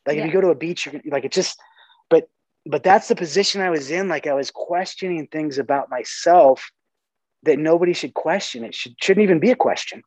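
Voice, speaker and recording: A man's voice: on the high side, fairly quick, a little mellow, dry recording. A man in casual podcast conversation, talking earnestly, swearing casually and often restarting his sentences. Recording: dull lo-fi sound.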